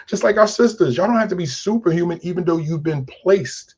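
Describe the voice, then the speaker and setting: In this earnest interview, a man with a high voice talks a little fast over dull-sounding audio. He speaks as a crisis specialist and mentor, telling stories and preaching about feelings while acting out quotes.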